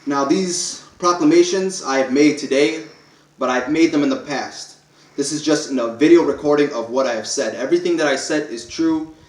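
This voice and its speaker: Man reading a declaration aloud, firm and emphatic, a touch high-pitched, roomy echo. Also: normal speed. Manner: emphatic, listing clauses one by one with stumbles. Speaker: self-declared speaker reading a public proclamation. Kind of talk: read-aloud declaration to camera.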